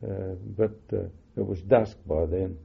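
Gravelly older man reminiscing. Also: deep voice, steady tone. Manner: halting, many fillers and self-corrections. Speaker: interviewee. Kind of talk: oral history recollection. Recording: muffled phone-like lo-fi audio.

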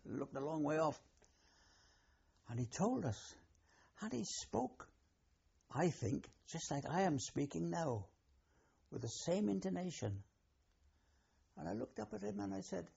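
An older man with a Welsh accent, a war veteran recalling his past in an oral history interview, telling it in a rambling, halting way with many restarts. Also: mid-range voice, lively intonation, creaky, darkish tone, slightly rough, lo-fi sound.

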